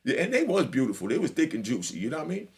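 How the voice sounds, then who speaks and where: Racing along in a mid-range voice, a middle-aged New York man tells a prison story. His casual storytelling is animated and swaggering, full of laughter and the filler "you know what I mean."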